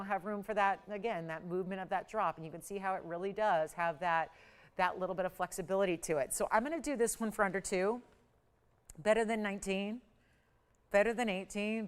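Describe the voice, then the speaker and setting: A middle-aged woman sells goods on a live shopping broadcast, her smooth, clear voice carrying enthusiastic, emphatic patter that lands hard on key words. She's wearing a lapel mic in a studio.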